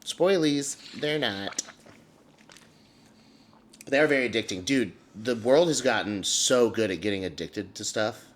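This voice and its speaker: A man's voice: on the low side, a little slow, pauses often. A young man co-hosting a casual comedy podcast, wry and teasing, often laughing. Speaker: podcast co-host. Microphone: desk mic with ring light.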